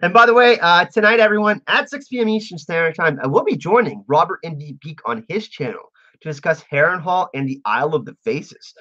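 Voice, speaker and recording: Animated man hosting a chatty livestream. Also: fairly high pitch, brisk, muffled recording. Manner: animated and chatty, laughs often. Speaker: livestream host. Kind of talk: casual livestream chat, reading out chat messages.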